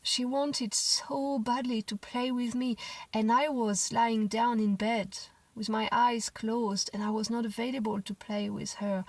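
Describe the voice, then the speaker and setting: Gentle, slow-talking young mother. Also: a little high, dry recording, recorded from a distance, low-quality recording. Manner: reflective, gentle, with frequent restarts and soft quoted asides. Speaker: parenting vlogger, mother. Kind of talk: casual personal storytelling to camera.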